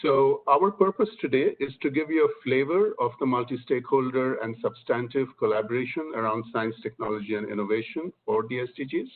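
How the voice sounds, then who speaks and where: A man's voice: mid-range voice, fairly quick, few pauses. A man, an organizer, closing his opening remarks at a webinar in a courteous, formal manner. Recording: tinny phone-like webinar audio.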